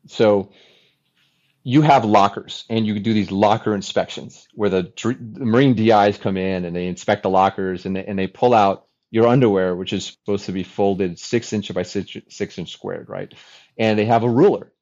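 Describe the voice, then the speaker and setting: A man in his forties, a former Navy fighter pilot, speaking as a podcast guest in an earnest, animated storytelling manner that acts out remembered dialogue. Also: lowish voice, normal speed. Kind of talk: conversational storytelling. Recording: dull lo-fi recording.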